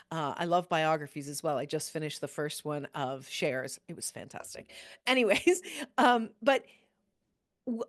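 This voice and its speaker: A middle-aged woman hosting a motivational business podcast, earnest and quick to laugh while telling stories. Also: a little high. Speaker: podcast host and business coach.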